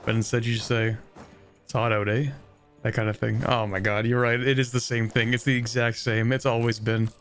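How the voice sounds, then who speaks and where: A man's voice: mid-range voice, little pitch movement, a little fast, few pauses, fairly bright tone, faint music behind. A man streaming a strategy game, rambling casually and thinking aloud with lots of fillers and chuckles. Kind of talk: casual live-stream chat while gaming.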